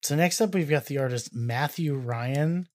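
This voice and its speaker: Excitable, hesitant male podcast co-host. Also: fairly high pitch, moderate pace. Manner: excitable, hesitant, swears casually. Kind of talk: casual music-reaction chat. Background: faint music playing.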